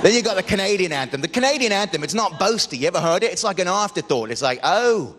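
A man's voice: high voice, animated, very fast. A man with an Australian accent performing a stand-up comedy set, shifting into put-on voices and accents for his characters. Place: comedy club stage with audience. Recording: live club recording, loud crowd and noise, hall reverb.

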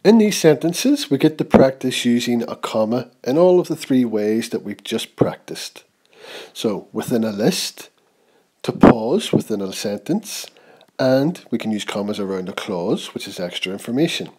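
A man teaching a grammar lesson, reading example sentences slowly and with emphasis. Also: lowish voice, lively intonation, darkish tone. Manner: slow, clear, reads example sentences aloud with emphasis.

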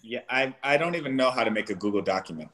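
A man joins a casual chat as a guest. He answers in a relaxed, easygoing mid-range voice. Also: medium pitch, quick pace. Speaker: guest, yoga instructor.

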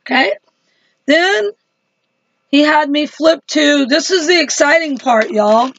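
A woman's voice: high voice, slow pace, fairly bright tone, muffled recording, slight background noise. A woman chatting to her viewers in a casual religious video diary, laughing easily. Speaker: Christian vlogger.

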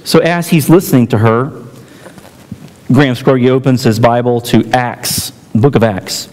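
A man preaching a sermon as pastor, telling stories and acting out quotes with emphatic pauses. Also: medium pitch, a little mellow. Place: church sanctuary. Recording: church hall reverb.

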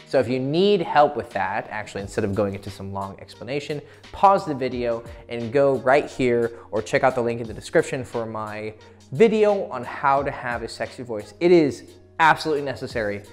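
A man's voice: medium pitch, expressive, brisk, faint music behind. Laid-back profane man coaching. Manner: profane, laughing often mid-sentence. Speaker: dating coach. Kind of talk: casual instructional talk to camera.

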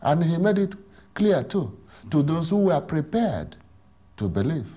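A man explaining Catholic teaching in an emphatic, animated way, often asking rhetorical questions. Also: a little high, unhurried, breathy edge.

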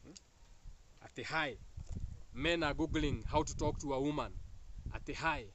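A man's voice: fairly high pitch, moderate pace, a bit bright, low-quality recording. Kenyan guy ranting about spirit stuff n dating, laughy, teasing, bit of hiss in the recording. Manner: joking, laughs often, swings between teasing and preachy. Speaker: spiritual talk host. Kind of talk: casual spiritual monologue.

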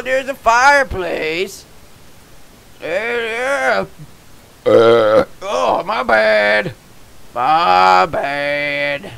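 Brief: male gamer, goofy hick persona, bright, sharp tone, creaky and gravelly, prone to excited shouting. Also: high-pitched, low-quality recording. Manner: goofy dim-witted yokel persona with folksy slang. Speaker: gamer vlogger. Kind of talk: comedic gameplay commentary.

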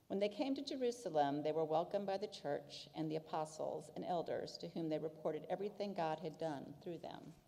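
A woman reading scripture aloud in church with a measured, formal delivery. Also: on the low side, dark tone, in a large hall. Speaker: scripture reader.

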